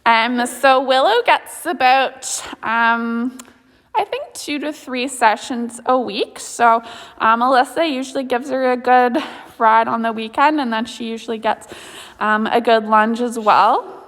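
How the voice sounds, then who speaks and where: A woman's voice: on the high side, a little slow, fairly bright tone, long reverb tail. A woman who manages a riding program, chatting casually and easily to viewers while she films, with plenty of ums and small laughs. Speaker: program manager filming a live stream. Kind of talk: casual live-stream chat. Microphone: camera held by the speaker.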